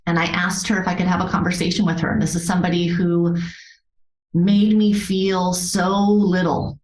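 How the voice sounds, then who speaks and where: A woman being interviewed as a yoga therapist, telling a personal story in an earnest, animated way and laughing often. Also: lowish voice, normal speed. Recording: roomy echo.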